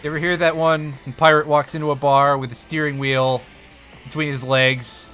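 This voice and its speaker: A male streamer talks through his game in a dry, self-mocking way and chats with his viewers. His voice sits a bit high and sounds bright and forceful. Game music plays faintly behind him. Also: level tone, normal speed. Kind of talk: live gameplay commentary.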